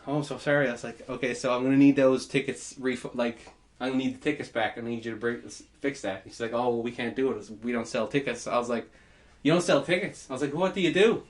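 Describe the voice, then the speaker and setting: A man telling a story in casual podcast chat, animated, laughing and swearing as he goes. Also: mid-range voice, brisk. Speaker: podcast host.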